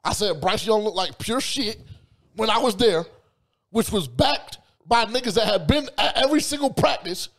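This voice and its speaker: Brief: high-pitched man, heated podcast co-host, loud and profane, talks over everyone. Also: lively intonation, normal speed, vocal fry. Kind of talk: heated casual debate.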